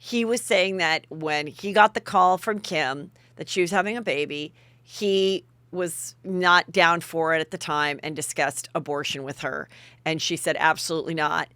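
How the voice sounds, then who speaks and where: A woman's voice: sits low, measured pace, clear, resonant tone, no echo. A middle-aged woman hosting a podcast, telling a story casually and acting out the people in it. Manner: animated, acts out the people in her story. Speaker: podcast host.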